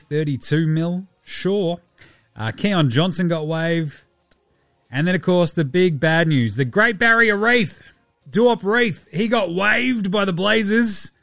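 A man with an Australian accent hosting a casual solo sports podcast, loose, sweary and quick to laugh. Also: a little high, no echo. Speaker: podcast host.

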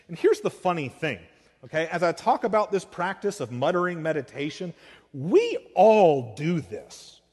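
A man preaching a sermon in a relaxed, conversational way that climbs now and then into excited, emphatic peaks. His voice sits at an ordinary middle pitch. It carries the long reverb of a large church hall. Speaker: pastor.

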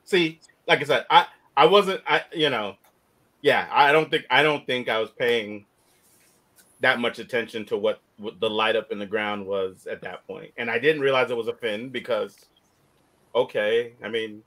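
A man hosting a casual movie talk, animated, often laughing and restarting his sentences. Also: mid-range voice, moderate pace. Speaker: podcast host.

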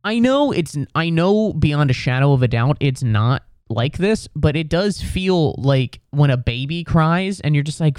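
Rambling, profane young comedian. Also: male voice, on the high side, lively intonation, unhurried, hardly any pauses, a little mellow, clean tone, no room sound, studio quality. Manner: rambling, profane, lots of likes and dudes. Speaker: comedian podcast host. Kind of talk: casual solo podcast rant.

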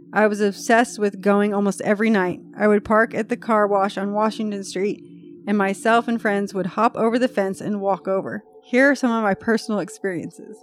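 A woman hosting a podcast in casual chat, reading a post aloud with chatty, freely swearing asides. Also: mid-range voice. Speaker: podcast host.

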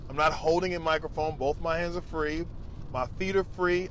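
A stand-up comedian rambles profanely on tangents in a casual vlog, recorded through a lavalier mic plugged into a phone. His voice is fairly high, steady and a bit bright at a moderate pace, with a little hiss or hum.

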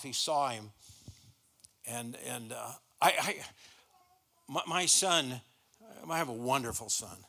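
A man's voice: medium pitch, slow, creaky, pauses often, sharp tone. A middle-aged man preaching a sermon in a church, folksy and stumbling over repeated words as he starts his sentences. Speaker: guest pastor.

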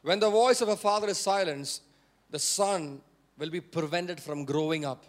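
Male pastor, sermon delivery, high-pitched, repeats lines for emphasis and calls on the congregation to respond. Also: moderate pace. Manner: repeats key phrases for emphasis; questions and prompts the congregation.

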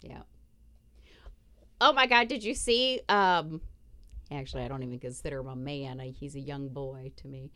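A woman's voice: a bass voice, normal speed, pauses often, pushed and bright, no room sound. A middle-aged woman hosting a podcast in casual chat, blunt and profane, laughing often. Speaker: podcast host.

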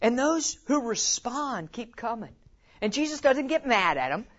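A man giving an animated teaching talk at a conference. He tells it like a story, acts out quotes and often says "you know". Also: extremely high pitch, unhurried, lo-fi sound. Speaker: conference speaker.

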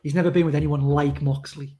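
A man with a north-east English accent, from North East England, co-hosts a casual podcast chat, telling rambling stories and laughing. His voice is fairly high and dark, with little pitch movement, and he talks fairly quickly.

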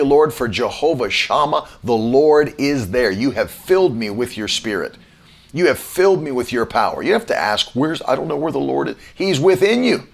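Emphatic male preacher spelling out words. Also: medium pitch. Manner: emphatic, repeats key phrases slowly, spells words out. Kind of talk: online sermon teaching.

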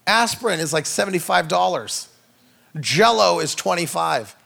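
A man's voice: fairly high pitch, lively intonation, a little fast, creaky, pushed and bright. A man, an itinerant minister giving a humorous testimony sermon, telling a story with jokey asides to the audience. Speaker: itinerant minister, guest speaker.

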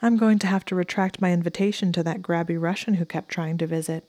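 A woman voicing a smug but devoted young male wizard, speaking his lines dryly and earnestly in her own low voice. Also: fairly even intonation, quick pace, mellow, no room sound, natural voice.

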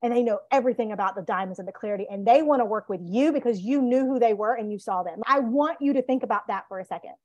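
A woman co-hosting a podcast, giving business coaching in a fired-up, animated rant. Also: fairly high pitch, quick pace, hardly any pauses, no echo, highs cut off. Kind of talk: casual podcast chat.

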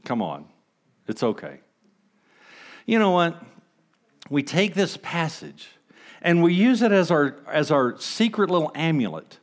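A man preaching a sermon as pastor, conversational, asking the congregation rhetorical questions and swinging between hushed and emphatic delivery. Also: fairly high pitch, very animated, a little slow, long pauses.

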